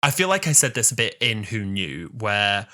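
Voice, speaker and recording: A man's voice: fairly low pitch, sing-song, normal speed, bright, forceful tone. A man in his twenties co-hosting a podcast, talking enthusiastically and restarting sentences as he thinks aloud. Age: 20s. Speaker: podcast co-host. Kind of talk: casual chat.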